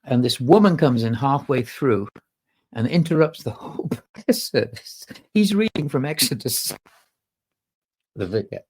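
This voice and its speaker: A man's voice: mid-range voice, lively intonation, a little slow, darkish tone, breathy edge, rough recording. A man, a podcast guest, telling a story in casual conversation and acting out the people he quotes.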